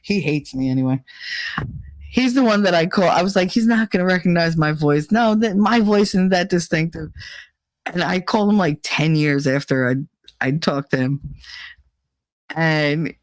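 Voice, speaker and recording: A woman's voice: fairly low pitch, expressive, moderate pace, pauses often, no echo, rough recording. A woman hosting a podcast, telling a story in a frank, profane, casual way and laughing often. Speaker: podcast host.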